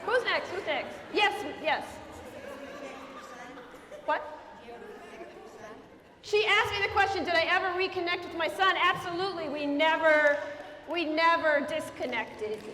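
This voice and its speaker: A woman's voice: extremely high pitch, a little slow, pauses often, sharp tone. A woman comedian from Minnesota and Colorado, chatting with the audience and repeating their questions aloud. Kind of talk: audience Q&A after a stand-up show. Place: prison hall with an audience. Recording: echoey hall with crowd.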